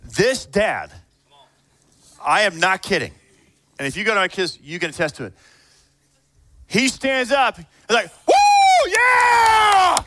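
Bright-voiced male preacher. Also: high-pitched, sing-song, unhurried, long pauses, a faint crowd, a little hiss or hum. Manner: conversational preaching, swings between hushed and fired up. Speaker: pastor. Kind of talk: sermon.

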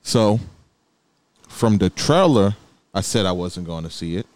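A man's voice: deep voice, animated, unhurried, a little mellow. A man co-hosting a casual podcast chat who moves the talk between topics. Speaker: podcast co-host.

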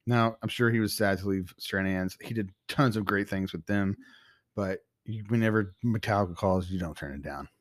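A man co-hosting a whiskey podcast, talking in an easygoing, chatty way and quick to agree. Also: on the low side, no echo, clean studio sound. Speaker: podcast co-host. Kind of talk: casual chat.

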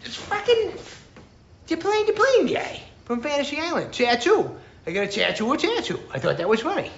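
An actor playing a goofy grown man in a squeaky, swooping put-on voice, in a film clip. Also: very animated, normal speed, a bit bright, exaggerated voice. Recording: roomy, dull film clip with faint ambience.

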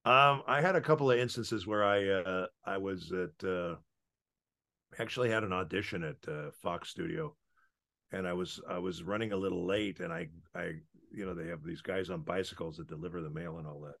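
A man, a voice actor, rambles through anecdotes in casual interview chat, with many filler pauses. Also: low voice, gravelly, sharp tone. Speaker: voice actor guest.

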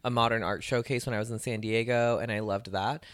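A woman co-hosting a podcast, a stand-up comedian chatting casually and telling animated stories. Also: very deep voice, a little fast. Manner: chatty, animated storytelling with voiced asides. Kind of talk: casual chat.

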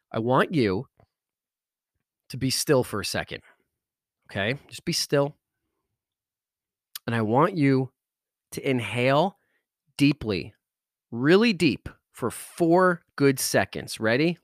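A man's voice: medium pitch, takes it slowly, long pauses, dry recording, clean studio sound. A man hosting a podcast, giving an intense motivational pep talk straight to the listener with repeated urgings that build in energy. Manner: intense, building from calm to fired up; repetitive exhortations, speaks directly to listener. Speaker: podcast host.

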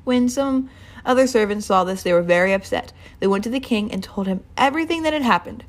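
A woman's voice: medium pitch, lively intonation, brisk. Earnest, rambling woman preaching. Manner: casual, rambling, earnest, with fillers. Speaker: Bible teacher. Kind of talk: informal sermon.

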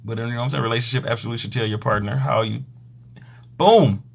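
A man's voice: medium pitch, fast talker, gravelly, breathy edge. A man hosting a live stream, talking casually and crudely about sex, acting out what people say in mocking voices. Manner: crude, joking, acts out quotes.

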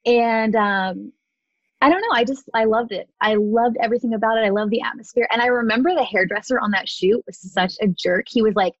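A woman's voice: a little high, fairly even intonation, brisk, no echo. A woman in her thirties, a makeup artist being interviewed, telling her story in a chatty way, full of "like" and "you know", acting out what people said. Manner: chatty, lots of "like" and "you know", acts out quotes. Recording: dry, slightly dull audio.

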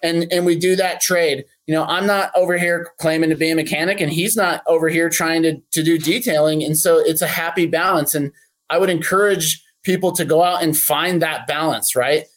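A man's voice: fairly high pitch, fairly even intonation, moderate pace, a bit bright. A man who runs a boat detailing shop, speaking in a casual podcast interview in a friendly, practical way with plenty of fillers.

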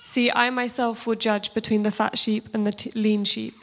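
A woman with a slightly husky voice, speaking casually and then giving a steady scripture reading in a sermon. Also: fairly high pitch, moderate pace. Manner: informal and self-deprecating, steady even reading. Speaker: church speaker.

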